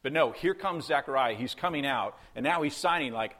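A man's voice: medium pitch, animated, brisk, fairly bright tone. A man preaching a sermon in a conversational way, full of rhetorical questions and acted-out quotes. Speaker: pastor.

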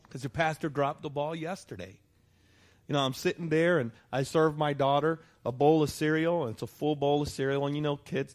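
A middle-aged man preaching a sermon as pastor, animated and asking the congregation for responses. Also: medium pitch.

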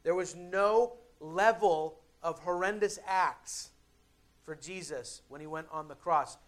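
A young adult male pastor preaching a sermon in a conversational way, with dramatic pauses and emphatic builds. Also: a little high, fairly bright tone.

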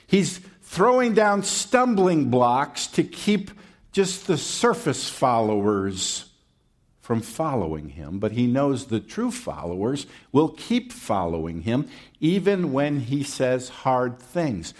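A man's voice: mid-range voice, big pitch swings, takes it slowly. A man preaching a sermon in a conversational way, with rhetorical questions and folksy asides.

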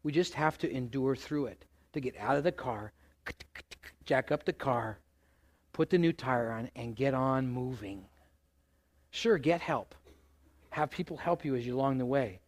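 A middle-aged male pastor preaching a sermon, animated, asking the congregation questions and acting out exasperated outbursts. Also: medium pitch, unhurried, pauses often. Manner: animated, acts out exasperated voices with loud outbursts.

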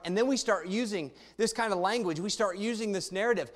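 A man preaching to a youth congregation in a lively, conversational way, asking the listeners questions and reading a story aloud. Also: high-pitched, fast, few pauses. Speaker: pastor speaking to a youth congregation. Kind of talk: sermon with a read-aloud story. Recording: long reverb in a church hall.

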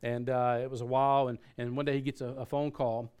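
A man's voice: mid-range voice, little pitch movement, fairly quick, a little mellow, smooth. A man preaching a sermon in a conversational way, often restarting his sentences and using fillers. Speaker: pastor.

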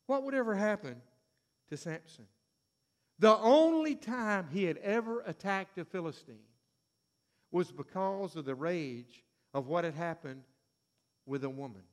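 High-voiced dramatic male preacher. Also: lively intonation, unhurried, pauses often. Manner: dramatic, swinging from hushed to loud. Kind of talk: sermon.

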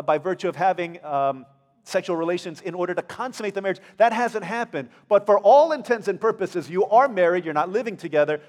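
American pastor preaching in an echoing hall. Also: male voice, high voice. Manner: conversational, acts out characters in playful voices. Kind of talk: sermon. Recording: long hall reverb.

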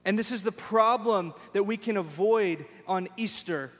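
Animated preacher in a big hall. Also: male voice, high voice, measured pace. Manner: animated storytelling preacher who acts out voices. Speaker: pastor. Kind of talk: sermon. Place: large church sanctuary. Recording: long hall reverb in a church.

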